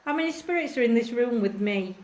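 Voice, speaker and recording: A woman's voice: a little high, animated, a little fast. A woman on a live-streamed ghost hunt, calling out to spirits and reading out viewer comments. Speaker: paranormal investigator. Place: echoey old jail building. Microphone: phone livestream. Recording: echoey room, faint music.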